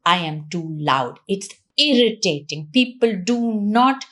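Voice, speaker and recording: A woman from India, giving a fast, lively communication-skills talk with little self-mocking laughs. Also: mid-range voice. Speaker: communication coach. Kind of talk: motivational talk to camera.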